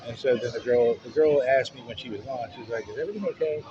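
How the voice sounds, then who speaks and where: A man's voice: mid-range voice, steady tone, brisk, a crowd in the background. A man telling a personal story in a casual, frank way, swearing freely. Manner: frank, profanity-laced. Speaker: vlogger. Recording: muffled, noisy street sound.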